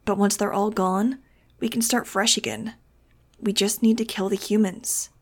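A woman's voice: mid-range voice, steady tone, moderate pace, natural voice. A woman voicing a dazed teenage boy who follows a cult, dreamy and earnest. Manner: dreamy, earnest, then shouting.

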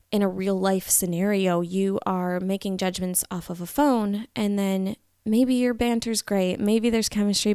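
Young woman, vlogger, earnest, reflective, gravelly voice, dry sound. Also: mid-range voice, no room sound. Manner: earnest, reflective, confessional, drifting into soft whispers. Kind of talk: candid personal talk to camera.

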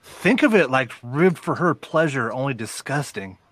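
A man's voice: mid-range voice, very animated, normal speed, a bit bright. A man co-hosting a podcast who teases his friends and laughs at his own crude jokes. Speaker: podcast co-host. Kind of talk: crude casual banter.

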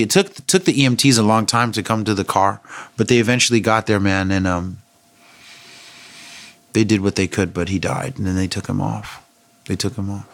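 A man's voice: on the low side, a bit bright, dry recording. A middle-aged man vlogging, telling a personal story in a candid, conversational and thoughtful way.

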